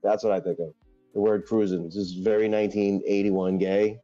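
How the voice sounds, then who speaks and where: A man's voice: fairly low pitch, little pitch movement, a little fast, mellow, no echo, soft background music. Man, podcast co-host, rambling crude anecdotes, casual banter, dull lo-fi sound.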